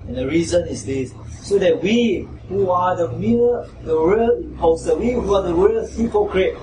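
A pastor preaches a sermon in a church hall, asking his listeners questions and raising his voice when he quotes mockers. He speaks at a normal speed with a high pitch and lively intonation. The hall is echoey, the mic is far off, and there is background noise.

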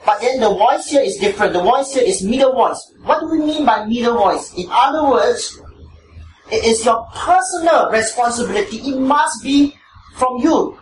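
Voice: mid-range voice, moderate pace. A preacher with a Singaporean English accent giving an emphatic sermon, repeating key phrases for stress. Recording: echoey room, distant mic, background noise.

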